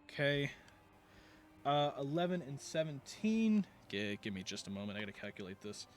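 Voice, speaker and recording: A man's voice: mid-range voice, sing-song, moderate pace. A man narrating a tabletop game as game master, rambling through the scene with many fillers and restarts.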